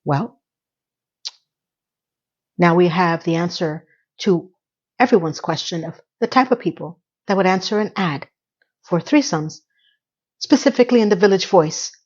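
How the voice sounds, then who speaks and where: A woman's voice: lowish voice, lively intonation, unhurried, pauses often, a little mellow. A middle-aged woman recapping a TV episode in a casual vlog, chatty and sarcastic, with plenty of offhand asides. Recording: slightly dull lo-fi audio.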